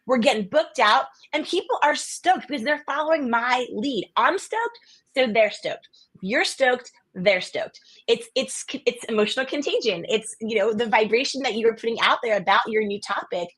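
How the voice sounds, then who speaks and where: A woman's voice: a little high, expressive, moderate pace, a bit bright, slightly rough. A woman from the US East Coast, a podcast guest, chatting casually and telling stories energetically with lots of quoted voices. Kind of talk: casual interview chat.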